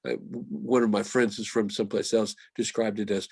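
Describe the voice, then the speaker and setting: Husky low-voiced Pittsburgh-area man. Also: fairly even intonation, a little mellow, no room sound. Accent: Western Pennsylvania. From Mon Valley, Pennsylvania. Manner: thoughtful, measured, quoting lines slowly. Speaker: guest poet. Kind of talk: reflective talk on poetry.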